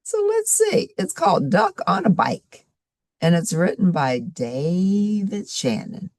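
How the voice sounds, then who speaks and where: Slow, gravelly woman reading a storybook. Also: fairly low pitch, wildly swooping pitch, no echo, studio quality. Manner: warm asides to young listeners. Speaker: storybook reader. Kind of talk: reading a picture book aloud to children.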